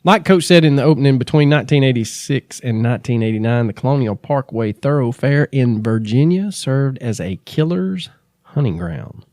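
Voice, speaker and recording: Speaking at normal speed with animation, this true crime podcast co-host has a medium pitch and a slightly mellow tone. The recording is dry and studio quality, and he's relaxed and jokey while chatting and reading case notes.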